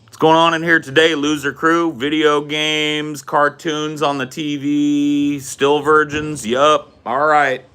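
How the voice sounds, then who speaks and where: A man voicing a teasing middle-aged dad who is a deadpan mean troll, flat and dismissive. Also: fairly high pitch, slow pace, few pauses, clean tone, pitched above the performer's own voice. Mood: deadpan mocking.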